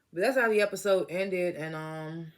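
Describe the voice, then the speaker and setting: Reviewing a TV episode in a relaxed way, this man speaks in a high, somewhat bright voice. He frequently laughs, performs the characters' dialogue himself, and admits to being stoned.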